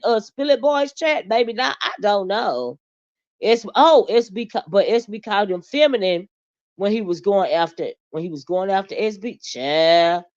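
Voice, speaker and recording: A woman's voice: a little high, dull audio. A woman hosting a livestream, giving casual commentary in a sassy, blunt way, drawling with asides to her chat and speaking.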